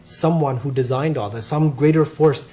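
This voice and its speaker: A man's voice: mid-range voice, normal speed, mellow. A man giving a casual spiritual talk, earnest and often checking in with "right?". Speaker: speaker on spirituality.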